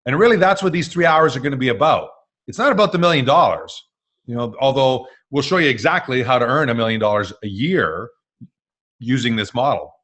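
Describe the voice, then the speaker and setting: A man's voice: medium pitch, animated, a little fast, fairly bright tone. A man hosting a live webinar masterclass, talking in an upbeat, jokey way with fillers. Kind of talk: energetic presenting.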